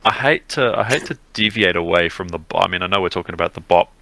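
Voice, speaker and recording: Gravelly low-voiced man chatting. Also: fast talker, bright, forceful tone, rough recording. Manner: rambling, lots of fillers and restarts. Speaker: podcast co-host. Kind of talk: casual chat.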